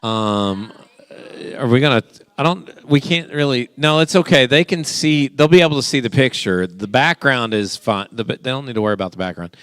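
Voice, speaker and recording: A man's voice: mid-range voice, expressive, a bit bright, clean tone, dry recording. Playful man hosting a youth game. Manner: playful, teasing, quick back-and-forth with the group. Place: church youth room.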